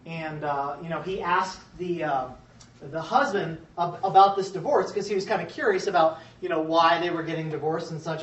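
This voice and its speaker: A man giving a conference talk to an audience in a casual, halting way with many fillers and restarts. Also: fairly high pitch, a bit bright. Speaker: conference speaker. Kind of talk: presentation talk with jokes. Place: conference room before an audience. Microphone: far from the mic. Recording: echoey, muffled room recording from a distance.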